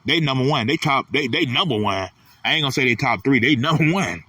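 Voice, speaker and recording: A man's voice: medium pitch, lively intonation, brisk, pushed and bright, husky, dry recording, recorded from a distance. A man delivering a blunt, profane, repetitive casual ranting monologue as host of his own channel.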